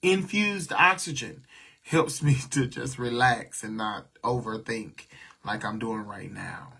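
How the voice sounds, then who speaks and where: A man hosting a casual livestream, talking candidly, venting his frustrations, trailing into soft asides and thanking viewers by name. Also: medium pitch, slow pace, gravelly, breathy edge. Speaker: livestream host.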